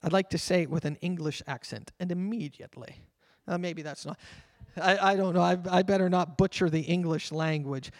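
A male pastor preaching a sermon, earnest and fervent, slowing down to read scripture aloud. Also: fairly high pitch, steady tone, darkish tone. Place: church sanctuary. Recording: long reverb of a church hall.

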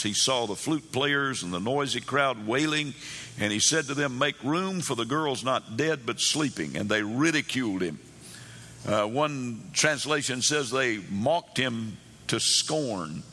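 A man's voice: mid-range voice, pushed and bright. A man preaching a sermon, telling Bible stories and acting out the characters' pleas in a raised voice. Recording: long hall reverb.

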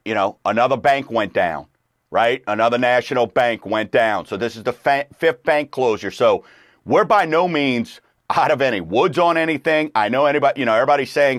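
A man's voice: medium pitch, a little fast, no room sound, studio quality. A middle-aged man hosting a radio talk show in a loose, rambling way, full of fillers. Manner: rambling, laid-back, lots of fillers. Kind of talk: casual chat.

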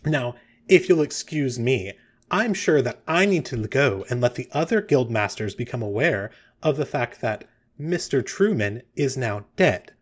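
A man's voice: mid-range voice, expressive, takes it slowly, long pauses. A man voicing a pompous, haughty female guild mistress in a tabletop game, grand and self-important.

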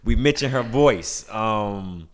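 A man hosting a podcast interview in a casual, slangy way, with playful jumps into high-pitched laughing impressions. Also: lively intonation, slow pace. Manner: laid-back slangy talk, bursts into high laughing impressions. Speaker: podcast host.

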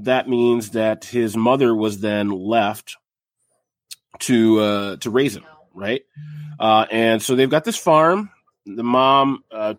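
A man's voice: medium pitch, dry recording. Guy rambling through a history story, lots of uhs, dry sound. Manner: rambling, frequent fillers and restarts, jokey asides. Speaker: podcast host telling a history story. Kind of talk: casual storytelling chat.

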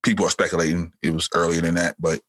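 A man in his forties hosting a casual podcast chat, relaxed, laughing often and stumbling over restarts. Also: low-pitched, fast, a loud crowd. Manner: laid-back, laughs often, stammers on restarts. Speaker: podcast host.

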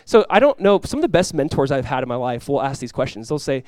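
A man's voice: mid-range voice, big pitch swings, fast, a little mellow, no room sound. A man preaching a sermon as pastor, talking casually with the congregation and rising into emphatic bursts.

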